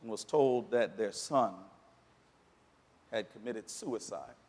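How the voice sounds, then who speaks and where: A man preaching a sermon, climbing dramatically toward near shouts at his points of emphasis. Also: lowish voice, slow pace, in a large hall. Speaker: pastor. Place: church sanctuary.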